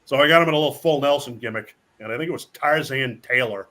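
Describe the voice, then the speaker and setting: A man, a wrestler guest, telling stories in a casual chat, animated and swearing freely while acting out what people said. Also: mid-range voice, quick pace. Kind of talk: casual storytelling.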